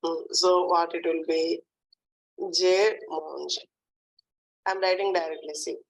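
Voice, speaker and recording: A woman leads a French lesson, repeating verb forms one at a time. She talks unhurriedly, with a slightly low voice. She checks in often with a soft "hmm, d'accord". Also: steady tone, creaky, poor audio. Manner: slow, repetitive drilling with frequent "hmm, d'accord". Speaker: French teacher. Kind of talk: online language lesson.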